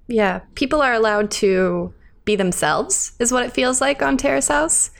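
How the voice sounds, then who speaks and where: A woman's voice: fairly high pitch, lively intonation, moderate pace, creaky. A woman in casual podcast chat, easygoing and wry.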